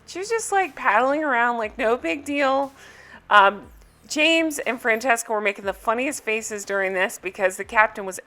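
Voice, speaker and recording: A woman's voice: on the high side, pushed and bright. A woman recapping a reality TV episode in casual, amused chat, with frequent ums.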